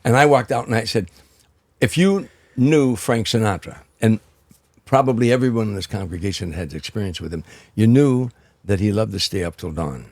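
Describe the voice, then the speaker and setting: An older man with a low, husky voice tells stories as a guest comedian, building anecdotes with restarts and repeated words. His delivery is that of a seasoned raconteur. The sound is dry and close, with no room around it. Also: fairly quick, darkish tone, no room sound. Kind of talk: anecdotal storytelling in an interview.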